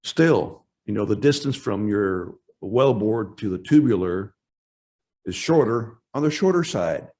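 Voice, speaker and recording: Male workshop speaker with a somewhat low voice, explaining technical material in a halting, self-correcting way. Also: expressive, a little mellow. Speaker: workshop presenter. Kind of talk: technical conference presentation.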